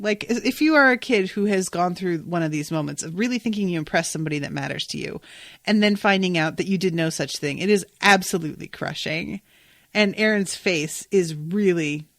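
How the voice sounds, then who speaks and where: A woman's voice: mid-range voice, a bit bright, no room sound. Gushing woman podcast host, dry close mic. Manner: gushing, chatty, swears freely. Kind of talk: casual TV episode recap.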